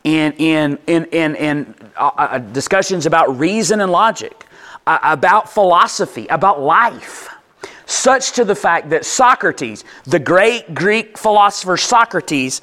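Chatty preacher with a fairly high voice. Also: male voice, lively intonation, a little slow, sharp tone. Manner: conversational, checks in with listeners often; restarts and repeats words while explaining. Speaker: pastor. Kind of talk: sermon teaching.

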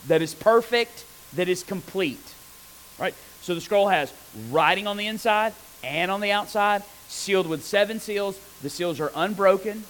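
A man preaching a conversational sermon on scripture, animated and often asking his listeners rhetorical questions. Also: high voice, a little hiss or hum, low-quality recording.

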